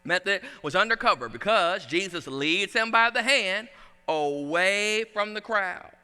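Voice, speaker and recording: Bright-voiced preacher in echoey church. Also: male voice, high-pitched, measured pace, clean tone. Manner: animated, conversational storytelling preaching. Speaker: pastor. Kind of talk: sermon. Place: church sanctuary.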